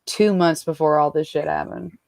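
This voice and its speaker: A woman's voice: low-pitched, steady tone, normal speed, vocal fry, a little mellow, no room sound. Woman, guest, casual chat, cheeky, blunt, dry recording. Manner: blunt, cheeky, swears freely.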